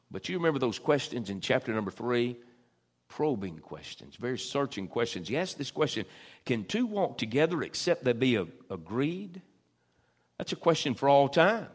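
A man preaching a sermon in a church, swelling loud and dropping soft. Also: on the low side. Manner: folksy Southern preaching, swells loud then drops soft. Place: church sanctuary.

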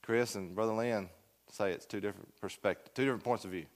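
A man's voice: fairly low pitch, steady tone, fast. A man teaching a Sunday school Bible class, asking the room questions and joking with his students in a folksy way. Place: church classroom.

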